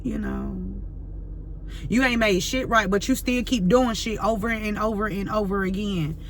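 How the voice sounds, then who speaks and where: A female tarot reader with a medium-pitched voice rants heatedly and unscripted to the camera at a moderate pace. She's fiery and profane, full of slang, and repeats herself as she vents, with a little hiss or hum in the audio.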